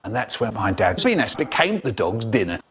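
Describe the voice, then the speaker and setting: A man telling comic stories in a theatrical, drawn-out way, cut up and spliced into a remix. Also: fairly low pitch, big pitch swings, a bit bright, slight background noise. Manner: theatrical, drawn-out, exaggerated pauses and voices. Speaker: storyteller.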